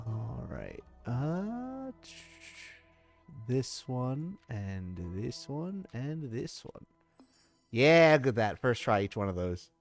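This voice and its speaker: A man's voice: medium pitch, sing-song, very slow, soft background music. A man hosting a live fan dub stream of a game, easygoing and chatty. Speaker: stream host and narrator.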